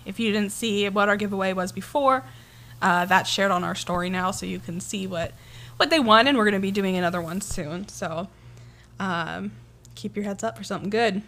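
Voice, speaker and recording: A woman's voice: mid-range voice, moderate pace, fairly bright tone. A woman co-hosting a casual true-crime podcast, chatty and giggly with lots of fillers. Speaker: podcast co-host.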